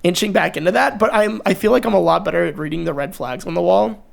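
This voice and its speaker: A woman's voice: on the low side, quick pace, gravelly. A young adult woman hosting a podcast, chatting casually and emphatically, swearing freely. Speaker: podcast host. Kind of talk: casual chat.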